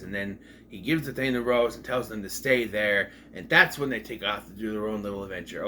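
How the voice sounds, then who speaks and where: Guy rambling about an old tv episode at home, jokey asides, average pitch, faint hiss behind. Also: normal speed, pushed and bright. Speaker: video reviewer. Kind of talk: casual retrospective commentary.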